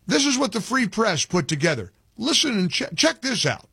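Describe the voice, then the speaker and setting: A man's voice: sits high, big pitch swings, normal speed, vocal fry, a bit bright, husky, no echo. A man hosting a talk radio show, commenting emphatically and indignantly from a studio microphone. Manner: emphatic, indignant, with frequent restarts.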